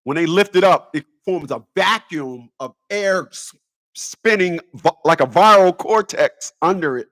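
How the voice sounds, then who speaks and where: A man's voice: high voice, animated, a little slow, fairly bright tone. A man ranting in a rambling comedic monologue, stammering and repeating words as he goes. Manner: stammers and repeats words, laughs at own jokes. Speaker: vlogger.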